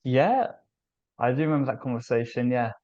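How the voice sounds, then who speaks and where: A British man hosting a casual interview about language teaching, upbeat and chatty, with quick asides. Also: mid-range voice, darkish tone. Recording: dull lo-fi call audio.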